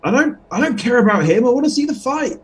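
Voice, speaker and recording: A man's voice: very high-pitched, animated, quick pace, recorded from a distance, voice pushed up. A man voicing a sly young man who plays innocent to sneak past a guard in a tabletop game. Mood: pushy. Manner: wheedling, mock-innocent.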